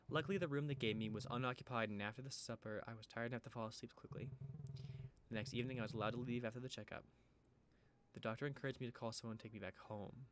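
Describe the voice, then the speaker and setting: A man playing a visual novel, reading its story aloud and breaking into excited comments. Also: medium pitch, racing, background noise. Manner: reads the text evenly, bursts into excited, laughing comments. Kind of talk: let's-play reading and commentary. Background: game music.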